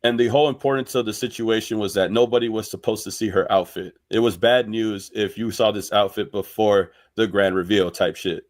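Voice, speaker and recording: A man's voice: lowish voice, brisk, hardly any pauses. A man casually recapping a story for viewers, slangy and conversational. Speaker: commentary host. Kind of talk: casual explanatory commentary.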